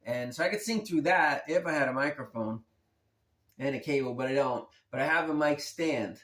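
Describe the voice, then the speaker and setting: A man's voice: medium pitch, normal speed, fairly bright tone, echoey room. A man hosting his own guitar channel, talking in a laid-back, rambling and slangy way. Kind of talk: rambling casual vlog.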